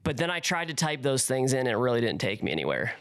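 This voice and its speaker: A young man, a pastor and co-host, chatting casually, animated and rambling, laughing often. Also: mid-range voice, quick pace. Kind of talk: casual chat.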